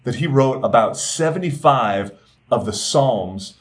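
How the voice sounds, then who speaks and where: A middle-aged man preaching as a pastor in an earnest, steady way. He drives home points by repeating phrases, now and then dropping into a softer, slower tone. His voice sits at an ordinary male pitch. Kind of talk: sermon.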